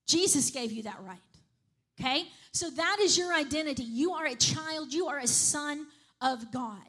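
A woman's voice: sits high, expressive, normal speed, fairly bright tone. A woman preaching a sermon in a conversational way, often checking in with the congregation. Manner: conversational, repeats "right?" and "okay?" to the congregation.

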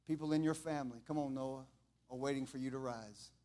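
A middle-aged man preaching an impassioned sermon, building from quiet talk to fervent shouting and repeating his lines. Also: medium pitch, steady tone, brisk. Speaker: pastor.

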